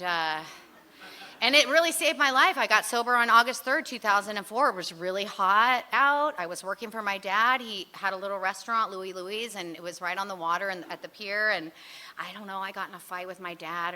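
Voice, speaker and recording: A middle-aged woman sharing her personal story at a recovery meeting, chatty and animated with lively asides. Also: fairly low pitch.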